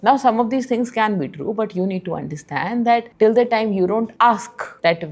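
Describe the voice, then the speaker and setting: A woman's voice: mid-range voice, expressive, fairly quick, hardly any pauses, darkish tone. A young woman with an Indian English accent talks candidly to camera about emotions, now and then slipping into Hindi phrases. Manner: candid, conversational, slips into Hindi. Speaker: self-help video host. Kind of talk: casual talk to camera.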